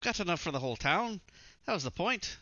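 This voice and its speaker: A man's voice: high-pitched, very animated, brisk, bright, forceful tone, dull audio. A man playing his character in a tabletop game, speaking in a made-up put-on accent. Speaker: player. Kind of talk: in-character tabletop role-play.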